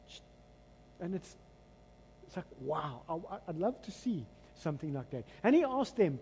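Man, pastor, South African accent, sermon, high voice, husky, call-and-response, echoing church hall. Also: moderate pace, pauses often. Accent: South African English. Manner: animated, dramatic storytelling delivery. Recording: long hall reverb.

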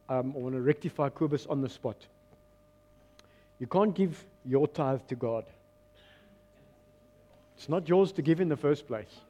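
A middle-aged man with a South African accent preaching a sermon, coaxing his congregation to answer back. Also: mid-range voice. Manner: lively, coaxing call-and-response with the congregation. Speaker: pastor.

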